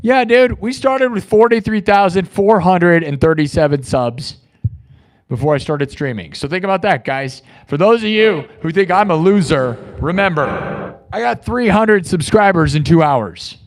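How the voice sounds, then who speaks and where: Guy hosting his live stream, ranting at chat, kinda high voice, loud then mumbly. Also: animated, moderate pace. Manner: ranting, mocking, swings from shouting to muttering. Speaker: live stream host and musician.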